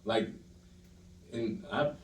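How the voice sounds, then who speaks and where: A man from Louisiana, a podcast guest and performer, answering in a halting way and often restarting his sentences. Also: lowish voice. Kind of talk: casual interview chat. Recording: roomy room, distant mic, faint hiss.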